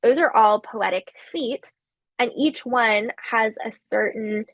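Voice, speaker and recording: A woman giving a recorded literature lecture, explaining slowly with occasional fillers. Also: on the high side, no room sound.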